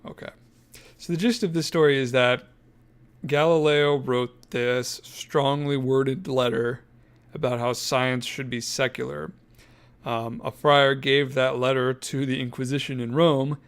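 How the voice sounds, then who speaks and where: A podcast co-host reads from his notes in a casual, jokey, self-deprecating way, laughing mid-sentence. His voice is medium-pitched and smooth, with fairly even intonation and an unhurried pace.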